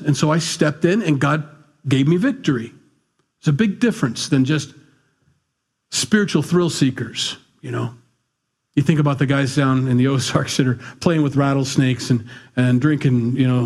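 A middle-aged male pastor preaching a conversational, animated sermon with asides. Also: medium pitch.

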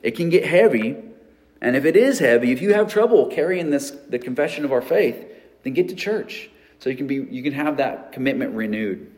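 A pastor preaching a sermon in a conversational way, with everyday examples and frequent restarts. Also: male voice, mid-range voice, animated, a little fast, a little mellow.

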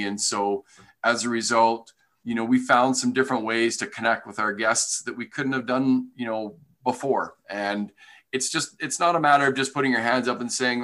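A man with a bright, forward voice talks through his views as a podcast guest. He is earnest and passionate, circling back with fillers and restarts as he thinks aloud. His delivery stays conversational rather than polished. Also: mid-range voice, fairly even intonation, normal speed. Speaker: golf business leader, podcast guest.

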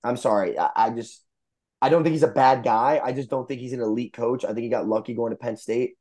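A man's voice: mid-range voice, warm tone. A young man co-hosting a casual sports podcast, exasperated and profane as he rants. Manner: exasperated, profane, quick ranting. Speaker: podcast co-host.

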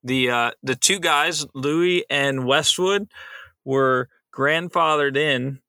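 A man's voice: mid-range voice, takes it slowly, pushed and bright, dry recording. A man from Alabama co-hosting a casual sports podcast, with dry, teasing remarks. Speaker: podcast co-host.

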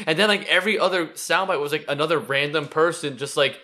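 A man co-hosting a casual sports podcast, swearing and mocking players with quick impressions. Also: a little high, sharp tone. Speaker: podcast co-host.

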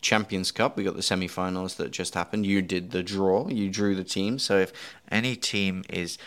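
A man's voice: sits low, steady tone, normal speed. A man hosting a podcast, chatting casually with a guest and making dry jokes. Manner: dry joking asides. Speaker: podcast host. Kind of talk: casual interview chat.

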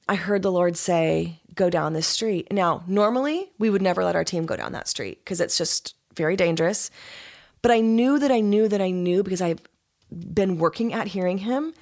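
A woman pastor, a podcast guest, telling a story in casual interview chat. She is an animated storyteller who laughs often. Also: mid-range voice, moderate pace.

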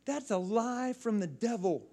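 Fervent, high-voiced male preacher. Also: lively intonation, measured pace, a little mellow. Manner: fervent, exhorting, calls and responses; repeats himself and restarts phrases. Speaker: pastor. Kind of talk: sermon.

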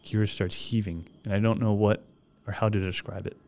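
A man's voice: lowish voice, level tone, a little fast, darkish tone. A man hosting a podcast, reading a horror story aloud in a casual way and swearing freely as he goes. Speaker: podcast host.

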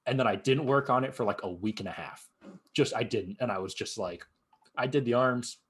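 A young man chatting casually as a guest, telling his story with lively acted-out reactions. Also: fairly low pitch, fairly quick, breathy edge. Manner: animated storyteller acting out his own past reactions. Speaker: guest cosplayer. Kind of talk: casual chat.

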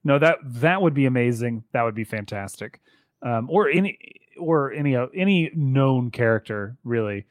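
A man co-hosting a podcast in casual chat, rambling with quick asides. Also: medium pitch, animated, no room sound, clean studio sound. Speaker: podcast co-host.

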